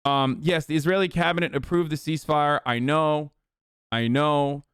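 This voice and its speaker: A man's voice: on the high side, steady tone, moderate pace, fairly bright tone, clear, resonant tone, no room sound, clean studio sound. A young man hosting a casual live stream, joking crudely and reading chat aloud.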